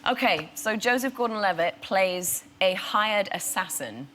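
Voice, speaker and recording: An actress guesting on a chat show, telling lively anecdotes with laughter. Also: female voice, medium pitch, unhurried, a little hiss or hum. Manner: laughing, animated storyteller. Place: TV studio with audience.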